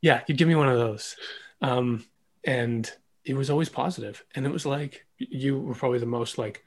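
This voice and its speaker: A man interviewing a former mentor in a relaxed, self-deprecating way, with many fillers like "like" and "um". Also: mid-range voice, moderate pace. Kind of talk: casual conversational interview.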